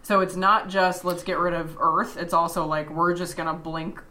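Woman podcast co-host, lowish pitch, bright tone, thoughtful, trails off. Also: steady tone, moderate pace. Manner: thoughtful, adds details, trails off softly. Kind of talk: casual episode recap.

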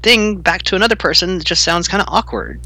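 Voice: medium pitch, brisk, pushed and bright. A podcast co-host in casual chat, making dry, wry remarks and laughing along.

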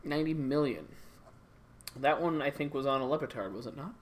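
A man's voice: mid-range voice, animated, fairly quick. A man co-hosting a podcast in casual chat, rambling with playful exaggeration and jokes. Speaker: podcast co-host.

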